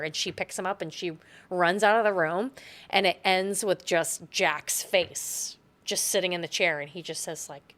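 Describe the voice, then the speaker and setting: A chatty woman podcast host with a fairly low voice, retelling a film scene casually. She leans on filler words and slips into the characters' lines as she goes. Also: steady tone, moderate pace, fairly bright tone. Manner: chatty, full of "like" fillers, acts out quotes.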